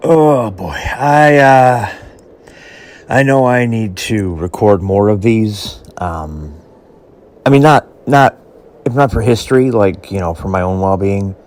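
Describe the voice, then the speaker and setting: An actor playing an anxious, self-doubting man who records a tape diary, talking haltingly with many restarts and fillers. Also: fairly low pitch, steady tone, a bit bright, close to an everyday voice. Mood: shaken. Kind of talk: audio drama narration.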